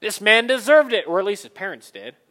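A man preaching a sermon, animated and conversational, acting out the people in the story in quick asides. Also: sits high, long reverb tail. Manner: animated, acts out Bible characters in quick asides. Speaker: pastor.

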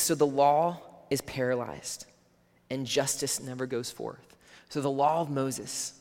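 Earnest preacher in a reverberant hall. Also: male voice, mid-range voice, a little mellow. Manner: earnest, conversational preaching, drops to near whisper at times. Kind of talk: sermon. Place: church hall.

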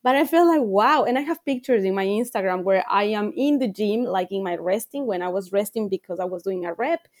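A woman's voice: medium pitch, expressive, brisk, few pauses, a little mellow, no echo, studio quality. A woman coach speaking as a podcast guest, earnest and reflective, repeating phrases for emphasis. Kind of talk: podcast interview.

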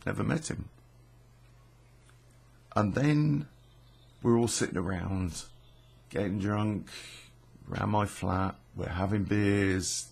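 A man's voice: on the low side, gravelly, breathy edge. A middle-aged man, telling a rambling true story casually, swearing freely and stopping often on fillers and restarts.

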